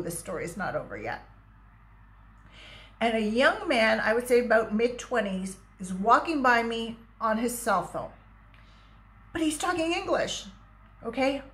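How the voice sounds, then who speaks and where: A middle-aged woman from Canada telling a personal story in a casual vlog, quoting people and laughing as she goes. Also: a little high. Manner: animated, laughing, quoting herself and others. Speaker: holistic therapist and vlogger.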